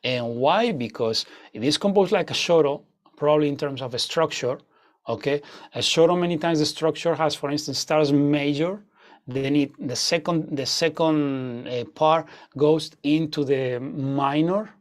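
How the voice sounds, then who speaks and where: Fairly high-voiced male guitar teacher, explanatory and loose, checking in with students often. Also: moderate pace. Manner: explanatory, frequent "okay?" check-ins, hesitant fillers. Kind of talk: online masterclass teaching.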